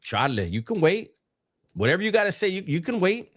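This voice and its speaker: A man's voice: sits high, big pitch swings, brisk, fairly bright tone. A man, co-hosting a live stream, telling stories in casual chat full of street slang and swearing.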